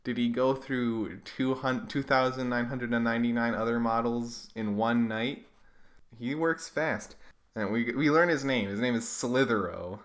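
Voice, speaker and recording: A man's voice: mid-range voice, measured pace. A man giving sarcastic, comedic commentary as he reads through comics he drew as a kid. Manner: wry, sarcastic. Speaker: YouTuber reading his own childhood comics.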